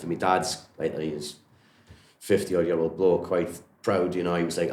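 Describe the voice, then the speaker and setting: A man's voice: deep voice, fairly even intonation, fairly quick, darkish tone, reverberant, slight background noise. A Geordie man from Newcastle, a martial arts coach, telling stories in a rambling, friendly way, full of "you know" and "like". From Newcastle, England. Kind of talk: casual storytelling interview.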